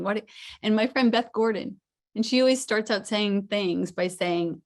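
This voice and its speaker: A middle-aged woman giving a conversational, animated sermon, often acting out the voices she quotes. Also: medium pitch, brisk. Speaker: minister.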